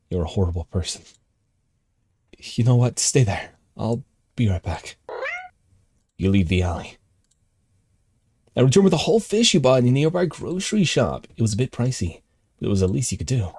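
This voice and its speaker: A male streamer reading a text game aloud and reacting live, jumping between calm narration and excited outbursts. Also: medium pitch, a little fast, long pauses, slightly rough, no room sound.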